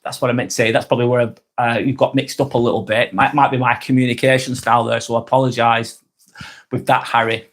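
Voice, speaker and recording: A man in his forties hosting a live stream, chatting casually and reading out viewer comments, friendly, rambling and quick to apologise. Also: mid-range voice, flat delivery, a bit bright. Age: 40s. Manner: chatty and friendly, ranting a little, apologising often.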